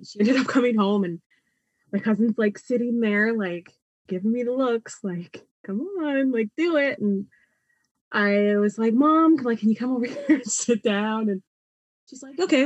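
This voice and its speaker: Young woman guest, lively storyteller, close dry mic. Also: mid-range voice, dry recording. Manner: animated, laughs often, acts out quoted voices. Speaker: podcast guest, artist. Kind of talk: personal storytelling in a podcast interview.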